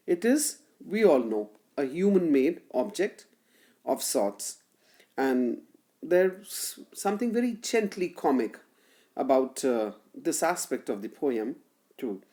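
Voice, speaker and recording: A woman delivers a literature lecture at an unhurried pace. Her pitch moves lively up and down as she breaks ideas into short, careful phrases and stresses key syllables. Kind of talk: recorded classroom lecture.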